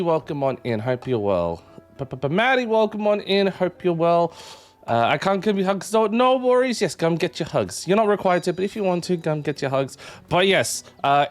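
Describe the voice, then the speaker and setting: A man streaming live, chatting casually with his viewers and greeting chat members one by one. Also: a little high. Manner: animated, jumps up into excited yelps.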